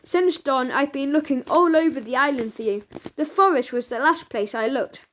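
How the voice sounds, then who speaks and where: A woman's voice: high-pitched, moderate pace, slight background noise, natural voice. A woman voicing an apologetic older sister in a children's audiobook, speaking earnestly. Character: remorseful older sister, once bossy girl.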